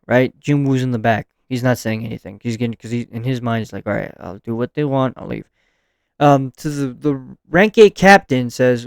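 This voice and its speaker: A man recapping anime episodes in a relaxed, excitable video review, with slang and casual swearing. His voice is smooth and resonant, at an ordinary pitch for a man. The sound is dry and close, with little room echo.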